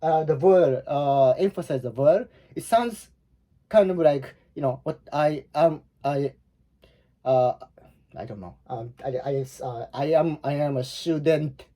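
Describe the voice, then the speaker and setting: Mellow-voiced teacher explaining haltingly. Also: male voice, on the high side. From Japan. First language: Japanese. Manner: halting, searching for words with frequent restarts. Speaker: Japanese language teacher. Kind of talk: explanatory online lesson.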